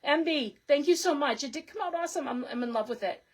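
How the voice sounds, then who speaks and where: A woman's voice: sits high, expressive, quick pace. Upbeat woman hosting a craft livestream. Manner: chatty and upbeat, thanking viewers as she works. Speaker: host of a live wreath-making stream. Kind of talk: casual livestream chat while crafting.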